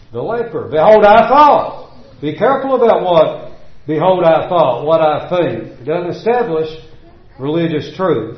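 A man's voice: sits high, echoey room, lo-fi sound. A man preaching a sermon, reading scripture in old-fashioned wording and hammering home repeated refrains.

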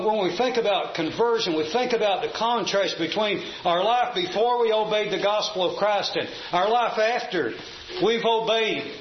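Male preacher, emphatic sermon, higher voice, roomy dull church recording. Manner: emphatic, asks the congregation questions. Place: church room. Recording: roomy, dull, faint hum.

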